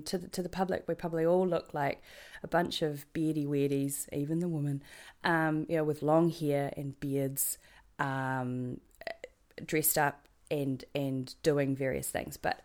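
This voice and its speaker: A woman from New Zealand talks casually as an interview guest, her voice sitting very low for a woman. She speaks with a New Zealand accent, wanders through her story with frequent ums, repeated words and self-corrections, and laughs at her own jokes. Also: darkish tone. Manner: rambling, full of ums and restarts.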